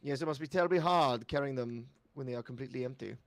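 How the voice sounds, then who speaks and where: An awkward, bookish scholar of magic, played by a man, fussing through formal, stilted sentences. His voice has a gravelly edge and sounds close and dry in this tabletop role-play. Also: mid-range voice, fast talker, no echo, natural voice. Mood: fussy. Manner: formal, fussy, stilted phrasing.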